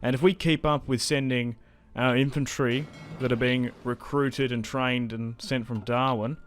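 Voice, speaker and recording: A young man giving casual, chatty commentary while playing a strategy game, getting excited and laughing often. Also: mid-range voice, unhurried, slight background noise. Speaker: gaming YouTuber.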